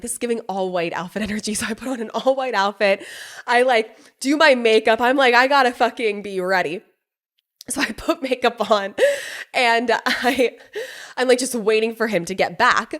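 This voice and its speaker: A young woman hosting a podcast, telling a personal story in a casual, animated way, laughing often, swearing freely and acting out what others said. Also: fairly high pitch, a little fast. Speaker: podcast host.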